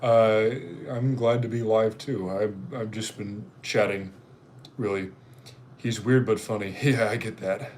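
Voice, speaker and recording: Casual male streamer, mid-pitched and rambling, with a faint hiss in the background. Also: steady tone, measured pace, a little mellow. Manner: rambling, chatty. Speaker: livestream host. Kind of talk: casual live-stream chat.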